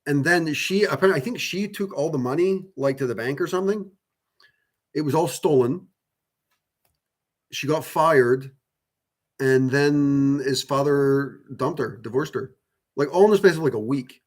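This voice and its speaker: A man's voice: fairly high pitch, animated, moderate pace, pauses often. A man hosting a channel, talking casually and at length to viewers about spiritual topics, rambling with many fillers, restarts and casual swearing. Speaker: channel host.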